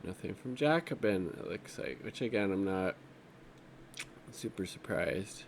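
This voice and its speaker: A man's voice: deep voice, animated, unhurried, creaky, a little hiss or hum. A man giving casual off-the-cuff political commentary while browsing social media, rambling and profane, with an exasperated edge.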